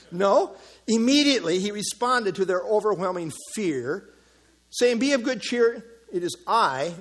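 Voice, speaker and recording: A man preaching an expository sermon, explaining verse by verse and joking with his listeners. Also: sits high. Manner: animated, jokes with the listeners. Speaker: pastor.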